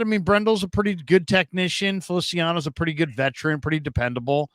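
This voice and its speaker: A man's voice: a little high, fairly even intonation, fast talker, fairly bright tone, smooth, no echo. A man hosting a sports call-in show, joking and rambling in casual chat. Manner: joking, rambling, playful teasing.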